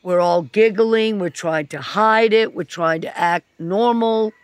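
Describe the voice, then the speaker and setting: A man's voice: high voice, unhurried, clean tone, no room sound. A man journalist recalling a field assignment in an earnest, reflective interview.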